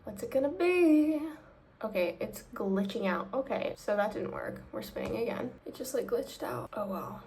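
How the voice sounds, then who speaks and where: A woman vlogging about her reading in casual check-ins, gushing and emotional, full of "like", sometimes dropping to a soft whisper. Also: a little high, expressive, moderate pace, slight background noise.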